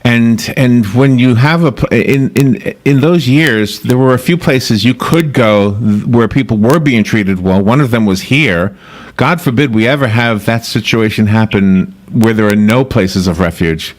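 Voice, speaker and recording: A man's voice: medium pitch, a little slow. A man hosting a radio interview in a chatty, loose way, often restarting his sentences. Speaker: radio host.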